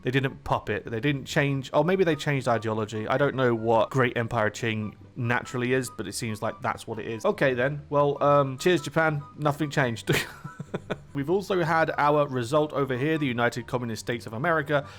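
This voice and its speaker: A young man talks through a strategy game in a loose, chatty way, drifting between asides and quips and laughing at his own jokes. His voice sits at a middling, everyday pitch. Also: moderate pace, fairly bright tone. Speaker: gaming channel host. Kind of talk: casual strategy game commentary.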